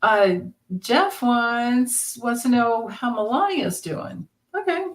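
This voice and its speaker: A woman's voice: a little high, lively intonation, takes it slowly. A woman hosting a casual livestream of tarot readings, chatty and rambling, laughing often. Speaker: tarot reader and host.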